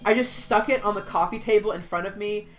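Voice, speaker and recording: A woman telling a story in casual chat, animated, swearing freely and acting out what people said. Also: medium pitch, brisk, soft background music. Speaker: podcast host.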